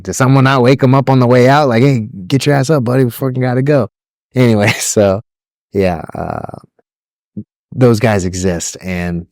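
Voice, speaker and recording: A man's voice: on the low side, no echo, studio quality. Laughing, swearing man telling service stories. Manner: rambling storyteller, swears a lot, laughs often, mimics yelling drill instructors. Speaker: podcast co-host. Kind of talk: casual chat.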